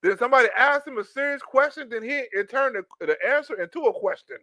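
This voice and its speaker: A man giving loud, profane reaction commentary, laughing and mimicking a politician as he talks. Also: very high-pitched, fast talker, no room sound. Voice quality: animated, profane, laughing while talking. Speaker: commentary YouTuber.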